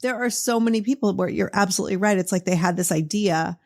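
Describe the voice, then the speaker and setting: A middle-aged woman with a Boston accent hosts a podcast in an easy, talkative way. She encourages as she goes and leans on "like" and "you know." Her pitch sits in a plain middle range. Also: fast talker, creaky. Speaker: podcast host. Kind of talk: casual interview chat.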